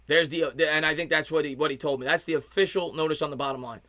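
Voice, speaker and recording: A man in his thirties calling a baseball game live as a fan, mixing pitch-by-pitch calls with replies to his chat viewers. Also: fairly even intonation, fast talker, bright, forceful tone, dry recording, studio quality. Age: 30s. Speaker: fan play-by-play streamer.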